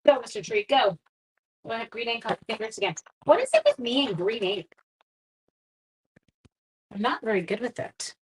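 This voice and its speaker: A woman, hosting a casual livestream craft demo, chatty, giggly and quick to poke fun at herself. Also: fairly high pitch, sing-song, slight background noise. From Canada. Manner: chatty, giggly and self-deprecating. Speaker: craft class host and schoolteacher.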